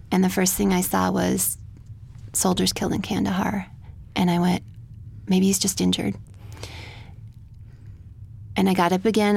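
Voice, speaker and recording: A woman telling a personal story of loss as a radio guest, soft-spoken and halting, sometimes dropping to a whisper. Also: on the low side, vocal fry. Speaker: guest, military widow.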